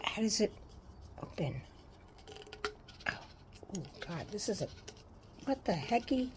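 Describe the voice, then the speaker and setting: A woman chatting casually as she unboxes and reads out items, gushing, excitable and swearing freely. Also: mid-range voice, slow, background noise. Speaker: unboxing vlogger.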